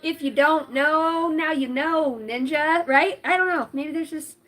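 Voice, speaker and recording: A woman's voice: sits high, measured pace, a bit bright. A woman doing a casual livestream tarot reading, giggly and rambling, cussing freely. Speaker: tarot reader.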